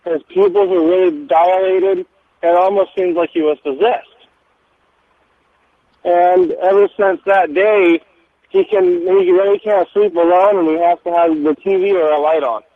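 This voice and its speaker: A man's voice: high voice, fairly even intonation, measured pace, dry recording. A man from Washington calling into a radio show from his tractor, speaking plainly and hesitantly. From Washington state. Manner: plain-spoken, hesitant with fillers. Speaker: caller. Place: tractor cab. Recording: phone line from a tractor.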